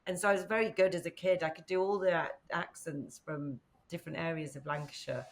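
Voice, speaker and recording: Low, gravelly-voiced woman from northern England. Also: fairly even intonation, brisk. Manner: chatty, rambling, with frequent fillers and laughs. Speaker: podcast guest, company founder. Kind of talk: casual conversational interview.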